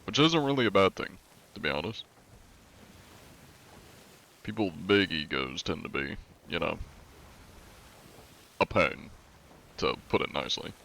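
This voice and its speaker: Guy with a really low voice riffing with his stream chat, dry jokes. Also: animated, measured pace, vocal fry, pauses often, bright, forceful tone, a little hiss or hum. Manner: wry, joking, rambling musings; says he is often compared to a deep-voiced narrator. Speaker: live streamer. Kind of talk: casual live-stream chat.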